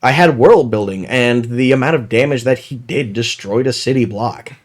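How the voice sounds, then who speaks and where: A man's voice: medium pitch, moderate pace. A man hosting a casual podcast, telling tabletop game stories with lots of laughter. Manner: animated storyteller, laughing often. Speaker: podcast host. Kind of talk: casual chat.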